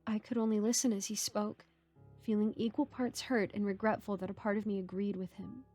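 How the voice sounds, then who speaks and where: A woman narrating a horror story in a hushed, shaken first-person telling. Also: medium pitch, level tone, brisk, faint music behind.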